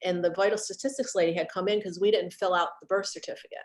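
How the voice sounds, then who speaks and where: A middle-aged woman, a guest on a video call, talking about grief in an earnest, halting way and repeating herself as she remembers. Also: fairly low pitch, fairly even intonation. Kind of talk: heartfelt conversation about grief.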